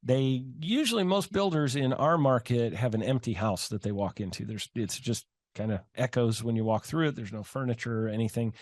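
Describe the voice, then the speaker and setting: A man's voice: medium pitch, fairly quick, hardly any pauses, no room sound, clean studio sound. Rambling middle-aged man. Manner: relaxed, rambling, many fillers. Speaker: guest, home builder. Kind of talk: interview answers.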